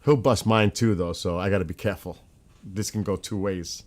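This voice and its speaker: A man in casual live-stream chat, blunt and excitable, swearing freely as he talks to the host and viewers. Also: low-pitched, normal speed, low-quality recording.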